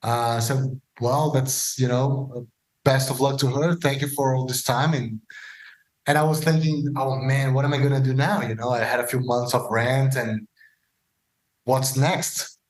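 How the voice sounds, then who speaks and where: A man as a podcast guest, telling stories casually and acting out the dialogue with lively voices. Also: medium pitch, measured pace. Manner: animated, acts out quoted dialogue. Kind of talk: casual storytelling interview. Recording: roomy echo.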